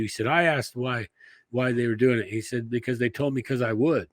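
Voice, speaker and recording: A man's voice: medium pitch, a little fast, no room sound. A man telling a long story in a folksy, rambling way, swearing casually as a podcast guest.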